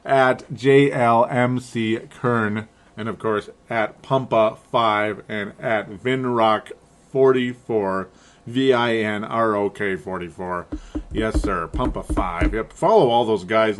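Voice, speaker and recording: A man co-hosting a casual sports podcast at a middling pitch. He rambles, stumbles over words and laughs at his own mistakes. His tone stays loose and self-deprecating. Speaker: podcast host.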